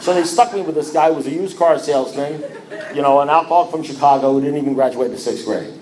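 A man telling his own recovery story to a group, animated and self-mocking, often restarting his sentences. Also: on the high side, fast talker, echoey room, poor audio. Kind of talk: personal testimony to a group.

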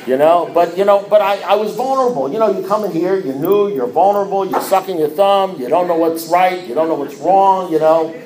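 Animated self-mocking male storyteller, echoey room. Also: high-pitched, a little fast, few pauses, crowd noise. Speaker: speaker sharing his recovery story. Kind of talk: personal testimony to a group.

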